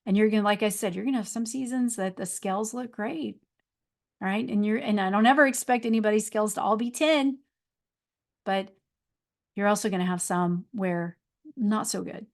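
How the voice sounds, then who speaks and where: Woman, middle-aged, podcast host, earnest, encouraging, repeats herself, mid-pitched voice. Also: normal speed, creaky. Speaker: podcast host and life coach. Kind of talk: motivational podcast talk.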